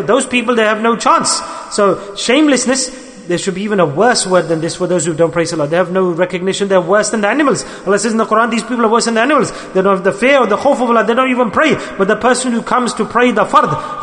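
A man preaching a sermon to a gathering, earnest and exhorting, rising to loud emphasis and dropping to soft asides. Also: high voice. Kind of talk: religious sermon. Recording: long hall reverb.

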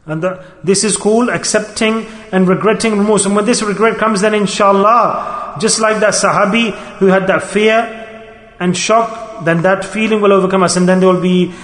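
A man's voice: high voice, fairly even intonation, normal speed, a bit bright. A man preaching a sermon, emphatic, repeating key words and asking the listeners rhetorical questions. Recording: echoey hall with long reverb.

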